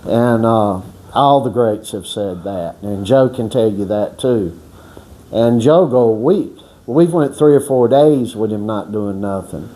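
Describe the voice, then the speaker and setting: His voice sits on the low side and is warm, and he takes it slowly over slight background noise. Telling a rambling story for a boxing workout channel, the man is casual, folksy and profane, keeps restarting, and voices the words of others.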